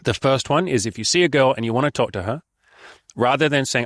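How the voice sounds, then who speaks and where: A man's voice: mid-range voice, a little fast, a bit bright, no echo, clean studio sound. A young man giving frank dating advice in a casual vlog. He is blunt, swears freely and acts out bits of dialogue. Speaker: dating coach.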